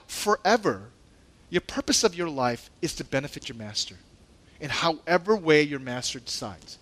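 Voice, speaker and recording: A male pastor preaching a sermon in a conversational way, laughing and joking, and acting out the disciples' indignant lines in a raised voice. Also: fairly high pitch. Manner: conversational and animated, with laughs and asides.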